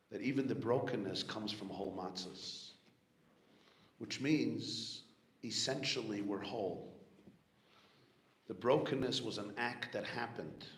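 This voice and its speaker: Man, rabbi, lowish voice, reflective sermon storytelling, echoey room with a faint background hum. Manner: earnest, reflective storytelling with soft spoken asides. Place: community hall gathering.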